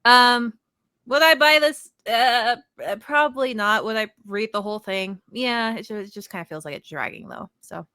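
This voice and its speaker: A woman's voice: a little high, normal speed, sharp tone, no echo, studio quality. An American woman chatting casually about comics on a podcast, laughing often and trailing off mid-sentence. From United States. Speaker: podcast co-host. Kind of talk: casual comic book review chat.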